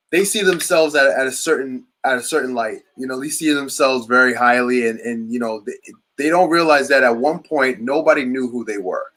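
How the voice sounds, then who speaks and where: A man's voice: medium pitch, a bit bright. A man hosting a casual chat, talking in long rambling runs with many restarts. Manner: rambling, restarts often, enthusiastic. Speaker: podcast host.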